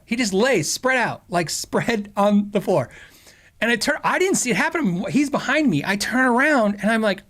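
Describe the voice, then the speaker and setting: A middle-aged man hosting a podcast, telling a story in a casual, rambling way, laughing often and acting out quotes. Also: sits high. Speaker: podcast host.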